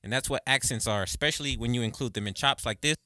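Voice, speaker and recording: Drum teacher counting beats out loud. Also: male voice, medium pitch, fast, over loud music. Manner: counts beats aloud and calls stickings loudly; chatty, expressive, says okay and right often. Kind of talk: casual video lesson.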